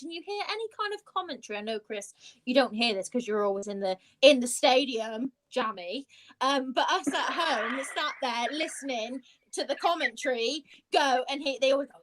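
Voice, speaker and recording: A fairly high-voiced woman talks as a guest on a podcast recorded over a video call. She chats effusively and breaks into laughter often. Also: expressive, fairly quick, a bit bright, poor audio.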